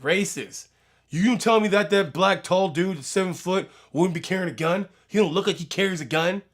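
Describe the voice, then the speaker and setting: A man's voice: sits high, brisk. A man hosting a casual commentary on a video, rambling and often tagging his points with "right?". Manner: rambling, keeps asking "right?". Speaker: host reacting to a video.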